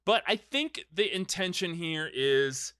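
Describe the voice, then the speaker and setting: A male podcast host recaps a film in casual, animated chat. He jokes and gets mock-angry easily. His voice is bright and forward, recorded dry and close. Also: a little high, slow, clear, resonant tone, no echo. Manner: animated and joking, easily worked up.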